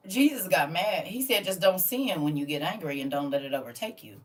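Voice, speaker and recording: A woman's voice: low voice, lively intonation, a little fast, far from the mic. A woman hosting a casual livestream, teasing and preaching to her chat. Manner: sassy, teasing, preachy, loud bursts of scolding. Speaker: livestream host teaching a class.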